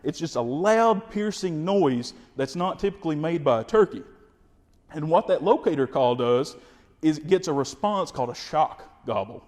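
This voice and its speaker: A man's voice: on the high side, expressive, normal speed, a little mellow, in a large hall. Folksy Kentucky man teaching turkey calls. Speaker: wildlife information specialist. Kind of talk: instructional explanation.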